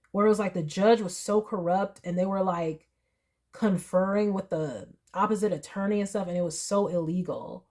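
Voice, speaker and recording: Emotional, emphatic woman reading tarot. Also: on the low side. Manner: emotional, emphatic, animated storytelling with quoted voices. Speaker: tarot reader. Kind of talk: casual tarot reading to viewers.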